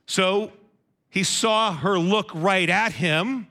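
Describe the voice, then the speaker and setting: A man with a high, bright voice preaching a sermon. He keeps it conversational, turning to his listeners with questions as he goes. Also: slow pace.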